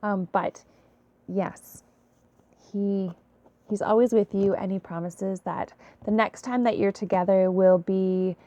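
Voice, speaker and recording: A tired woman giving a late-night intuitive reading to her viewers, soft-spoken and apologetic. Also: medium pitch, fairly even intonation, slow, no room sound. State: tired, yawning. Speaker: intuitive reader.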